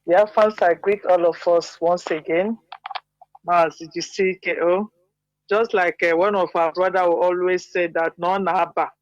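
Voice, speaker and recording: A woman's voice: fairly low pitch, steady tone, a little slow, dry recording. A Nigerian woman calling in to a radio program, telling long passionate run-on stories. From Igbo land, Nigeria. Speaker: caller. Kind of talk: call-in radio commentary. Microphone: WhatsApp call. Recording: dull lo-fi WhatsApp call.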